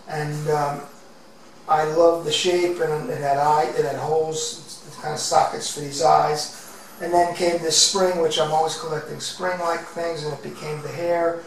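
A male found-object artist talks casually about his own pieces in a rambling, reflective way, pausing and restarting often. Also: on the high side, little pitch movement, far from the mic. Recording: echoey room, voice off-mic, faint noise.

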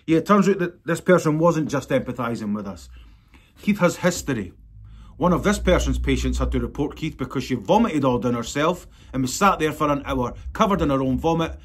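A man's voice: mid-range voice, husky. A man, a tattoo artist talking straight to his viewers in a vlog, blunt, angry and sweary. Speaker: tattoo artist and channel host. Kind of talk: direct-to-camera vlog update.

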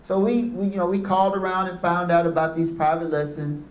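High-voiced man addressing an audience. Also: flat delivery, fairly quick, a little hiss or hum. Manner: storytelling with call-and-response. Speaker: motivational speaker. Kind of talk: motivational speech to youth and parents. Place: room with a live audience. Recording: echoey room.

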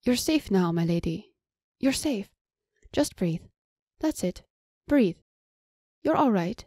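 A woman voicing a gentle young servant girl who works as a healer and speaks soothingly in an audiobook. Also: mid-range voice, moderate pace, no echo, clean studio sound, voice pushed up, close to an everyday voice.

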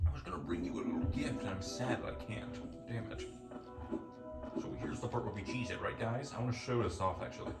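A man's voice: fairly low pitch, a little fast. A man commenting on his gameplay, exasperated and swearing at enemies, mocking himself as he goes. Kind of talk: let's play commentary. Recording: echoey room, distant mic, loud game music. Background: game music.

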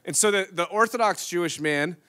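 A man in his thirties preaching to his church, telling a story with lots of energy. His voice is bright and forceful, and he often laughs. He swings from loud outbursts to near-whispered asides. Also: high-pitched, a little fast. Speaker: pastor. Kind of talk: storytelling sermon. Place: church stage.

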